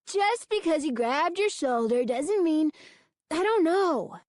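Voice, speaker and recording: A woman reading a nervous young boy from a spooky storybook, slightly raised and hesitant. The delivery is slow and close, in a dry room. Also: high voice, expressive, darkish tone, no echo, voice pushed up. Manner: uneasy, hesitant. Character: twelve-year-old boy, nervous and reluctant.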